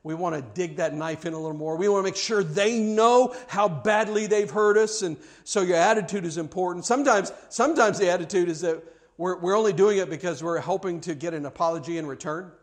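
A man's voice: sits high, brisk. A male pastor preaching a sermon, telling a story and acting out quoted voices with frequent repeated words.

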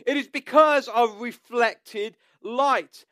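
High, smooth-voiced man preaching. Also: slow pace, bright, forceful tone, no room sound. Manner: conversational storytelling with asides. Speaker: pastor. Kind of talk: sermon.

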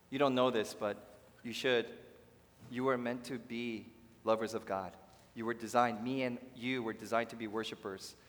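A pastor preaching a sermon to his congregation, swinging from hushed to loud and addressing the listeners directly. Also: mid-range voice. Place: church sanctuary. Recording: long reverb of a large hall.

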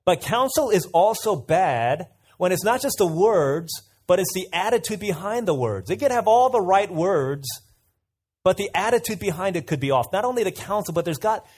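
A man preaching a sermon in a relaxed, chatty way, with a voice pitched a little high. He keeps turning to listeners with direct questions. He tells everyday stories to make his points. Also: slightly rough. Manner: conversational, asks the audience questions, tells anecdotes.

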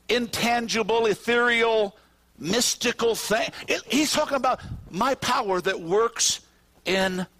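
A man with a high, light voice preaches a sermon in a church. He swings from soaring, near-shouted peaks to hushed, slow endings, leaning hard on single words. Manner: preaching with wide swings, rising to shouts and dropping low. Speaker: pastor. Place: church sanctuary with congregation.

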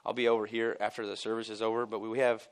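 Delivering a sermon at church, this pastor speaks very fast in a low, level voice that's clear and resonant. His style is emphatic and casual, jumping between loud outbursts and almost-quiet lines, with chuckling asides thrown in.

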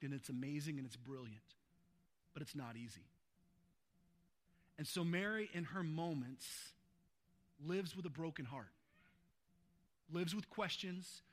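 A pastor delivers a sermon emphatically, piling on adjectives and swinging from loud urgency to hushed tenderness. His male voice sits a little high.

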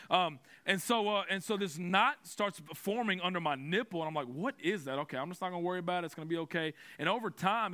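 Young preacher, lively and self-deprecating, somewhat high voice, rapid delivery. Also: male voice. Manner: lively, storytelling, self-mocking humor. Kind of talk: sermon with personal story.

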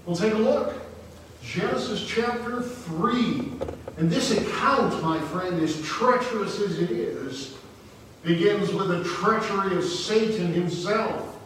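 A man preaches in a slow, deliberate, emphatic way, his voice a little high and muffled behind a face mask. He sounds distant from the mic, and a strong echo fills the hall. A steady hiss runs underneath. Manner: slow, deliberate and emphatic, stretching key words. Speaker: pastor. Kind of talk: sermon. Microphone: speaking through a face mask.

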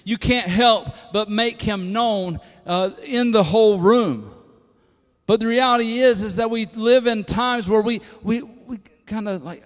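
Guy preaching in church, goes from quiet to shouting, slightly high voice. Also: unhurried. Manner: preaching, swings from hushed to shouted emphasis. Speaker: pastor. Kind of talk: sermon. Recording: long hall reverb.

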